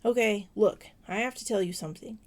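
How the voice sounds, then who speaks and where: A woman's voice: medium pitch, a little fast, a little mellow, lightly acted. A woman voicing a tense adult man who speaks in short, firm phrases, in a fan fiction audiobook reading.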